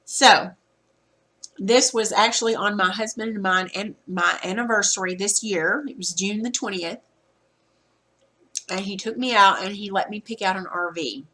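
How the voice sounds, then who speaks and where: A woman teacher recording a reading lesson, explaining vocabulary words patiently and clearing her throat now and then. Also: medium pitch, fairly even intonation, pushed and bright. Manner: patient, explanatory, spells out word meanings slowly.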